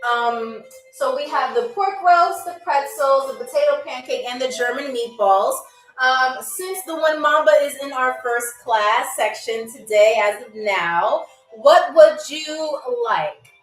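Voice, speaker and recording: A woman with a high, bright voice, hosting a live game show as a playful stewardess. She chats animatedly to viewers, calling them y'all. She sits back from the mic in an echoey room, with faint music underneath. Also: measured pace, distant mic. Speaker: host playing a flight attendant on a live game show. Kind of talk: playful live-stream role-play as stewardess.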